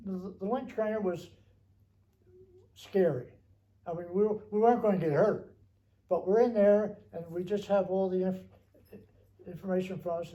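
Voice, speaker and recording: An older man recounting memories, rambling and halting with many restarts. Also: high voice, dark tone, rough recording. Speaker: veteran interviewee.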